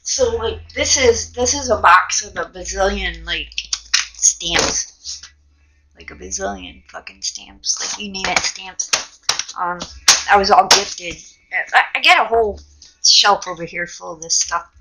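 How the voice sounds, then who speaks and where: Woman, middle-aged, art tutorial host, excitable, swears, lively pitch, loud heat gun noise. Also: normal speed. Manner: excitable, swearing, gasps and laughs at the results. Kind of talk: casual hands-on art demo.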